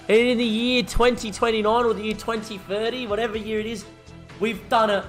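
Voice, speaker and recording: A young man commentating his own football management game, excitable and chatty. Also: high voice, a little fast, faint music behind. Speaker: gaming YouTuber.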